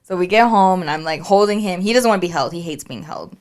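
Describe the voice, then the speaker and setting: Lively storytelling woman podcaster. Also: on the low side, fast. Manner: animated storytelling, acts out quoted dialogue. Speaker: podcast co-host. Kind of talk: casual chat.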